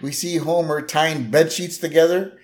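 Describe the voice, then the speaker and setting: A man's voice: on the high side, steady tone, normal speed. A man co-hosting a podcast, casually retelling an episode scene by scene. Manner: easygoing, narrates scene by scene. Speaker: podcast co-host. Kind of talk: casual episode recap chat.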